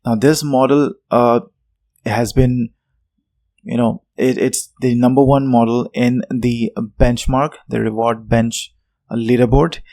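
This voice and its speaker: A man's voice: medium pitch, little pitch movement, slow, warm tone, dry recording. A man presenting a tech tutorial, explaining things off the cuff with frequent fillers and self-corrections.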